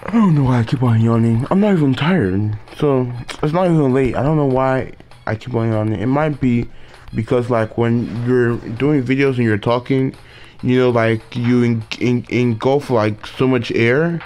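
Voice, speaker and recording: A man's voice: mid-range voice, a little slow, darkish tone. A man casually commenting on his own gameplay, rambling with frequent fillers and restarts, sometimes yawning. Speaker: gaming video creator.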